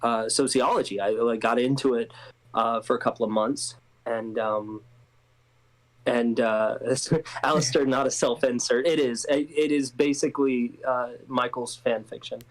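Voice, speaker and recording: A man's voice: medium pitch, steady tone, measured pace, low-quality recording. A male actor being interviewed, with a mid-range voice. He stumbles through restarts and fillers, then laughs at himself with self-mocking jokes. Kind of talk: casual interview.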